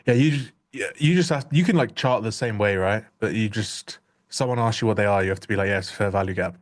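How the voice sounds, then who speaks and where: A man's voice: lowish voice, fast. Joking, rambling young male co-host. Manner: joking, rambling, self-interrupting. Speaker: livestream trading co-host. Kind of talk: casual live-stream chat.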